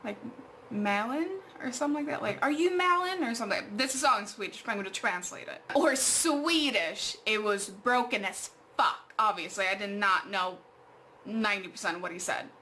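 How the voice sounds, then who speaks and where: A woman's voice: mid-range voice, fairly quick, pushed and bright, slight background noise. A young adult woman vlogging at home, telling an exasperated story full of fillers and swearing. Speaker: art vlogger. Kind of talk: casual storytime vlog.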